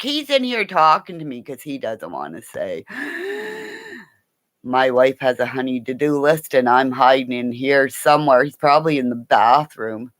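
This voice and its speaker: A woman hosts a casual livestream, rambling, swearing, and chatting with her viewers by name. She's animated, jumping between high and low tones, and the studio-quality recording has no room sound.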